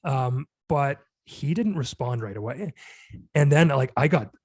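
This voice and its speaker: A man's voice: medium pitch, animated, unhurried, a little mellow, breathy edge, no room sound. A man in his thirties, a podcast guest, telling a personal story in an earnest, reflective way, full of "like" and "you know". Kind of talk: candid conversational storytelling.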